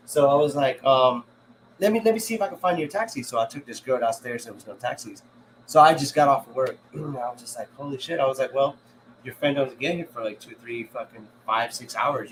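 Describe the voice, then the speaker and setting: A man's voice: mid-range voice, slight background noise, low-quality recording. Rambling crude man telling stories. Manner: rambling, crude, laughing storyteller. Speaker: podcast co-host. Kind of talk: casual chat, storytelling.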